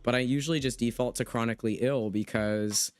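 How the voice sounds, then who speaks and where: A man's voice: mid-range voice, steady tone, fairly quick, smooth, dry recording, soft background music. Impassioned man hosting a livestream chat. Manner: emphatic and impassioned, reads out chat comments. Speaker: livestream host interviewing a guest. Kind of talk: casual livestream conversation.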